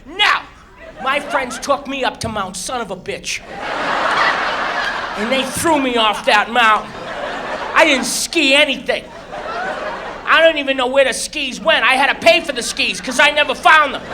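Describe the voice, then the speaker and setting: A man from Massachusetts performing live stand-up comedy, telling animated stories with shouted squeals and acted-out voices. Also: very high-pitched, unhurried, long pauses, background noise. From Massachusetts, USA. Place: comedy club stage. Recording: live club recording with crowd. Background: audience laughter.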